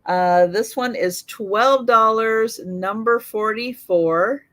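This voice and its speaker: A woman with a fairly bright, higher-pitched voice that sounds a little worn hosts a live online sale. She goes slowly through vintage items one at a time, naming each price with plenty of fillers.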